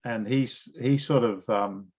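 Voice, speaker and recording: A man interviewing a guest and telling animated stories in a casual, slangy way. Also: mid-range voice, slow, breathy edge, muffled recording. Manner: animated storyteller, blokey slang.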